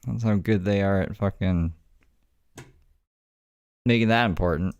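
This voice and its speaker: A man's voice: deep voice, a little slow, a little mellow, clean tone, dull audio. A man hosting in a casual, rambling commentary style, swearing and mocking himself. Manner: rambling, profane, self-mocking. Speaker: host.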